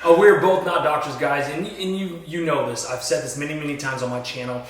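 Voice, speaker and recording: A man's voice: fairly high pitch, fairly quick, slight background noise. Upbeat man in an echoey room. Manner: upbeat, energetic greetings. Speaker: podcast host. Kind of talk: casual chat. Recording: roomy echo, far from mic.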